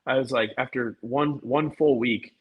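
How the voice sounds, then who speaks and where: A man as a podcast guest, telling a story in a casual, animated way and often repeating and restarting words. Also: medium pitch, normal speed, slightly rough, phone-quality sound.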